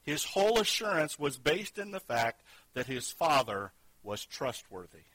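A man preaching a sermon with a bright, forceful tone and a voice pitched a little high. He is earnest, rising to loud emphasis and then dropping to a hushed, intimate level. The sound is close and dry. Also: sing-song, normal speed, dry recording, rough recording. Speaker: pastor.

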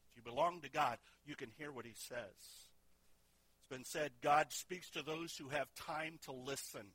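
Bright-voiced middle-aged male pastor preaching. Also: fairly high pitch, normal speed, breathy edge, no echo. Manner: conversational, asks the congregation questions. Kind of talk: sermon.

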